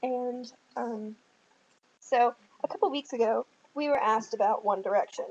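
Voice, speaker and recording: A teenage girl with a Southern US accent chats loosely on her vlog, giggling and filling gaps with ums. Her voice is a little high and husky. The sound is dull and lo-fi, like a built-in camera mic. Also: unhurried, darkish tone. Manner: giggly, rambling with many ums. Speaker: vlogger. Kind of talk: casual chat.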